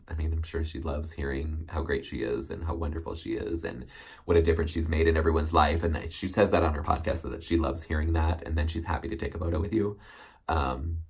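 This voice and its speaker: Gravelly low-voiced man chatting casually. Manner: chatty, rambling, many ums and self-corrections. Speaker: recap host. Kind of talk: casual solo recap chat.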